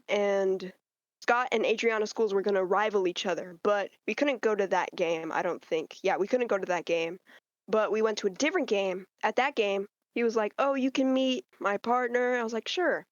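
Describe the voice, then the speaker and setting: A woman's voice: medium pitch, no echo. A teenage girl tells her story on a podcast and acts out what other people said. Her voice is dry and a little dull, as if recorded close to a cheap microphone. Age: teens. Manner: animated, quotes people in changing voices. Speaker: podcast guest. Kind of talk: casual storytelling chat.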